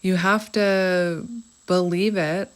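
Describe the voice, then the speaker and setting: Gentle Canadian woman reading tarot. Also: on the low side, steady tone, slow pace, smooth. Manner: gentle, reflective, meandering with fillers. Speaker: tarot reader. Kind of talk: spiritual tarot reading monologue.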